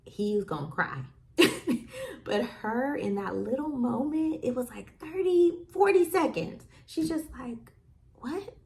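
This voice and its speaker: A woman hosts a parenting podcast in a fairly high, expressive, warm voice with vocal fry, speaking at normal speed with few pauses. She chats casually and tells stories full of fillers and acted-out quotes.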